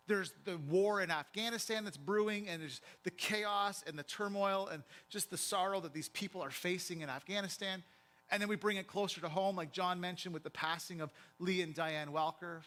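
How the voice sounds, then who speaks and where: A man with a high voice delivers a sermon from a church pulpit. He has a bright, forceful tone and talks in a vivid, conversational way, as if he were chatting with the congregation. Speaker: pastor.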